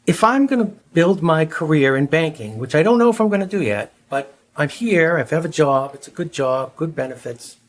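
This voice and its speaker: A man's voice: a little high, animated, moderate pace, few pauses. A man hosting a podcast, asking friendly, rambling questions. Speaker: podcast host. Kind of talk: conversational interview.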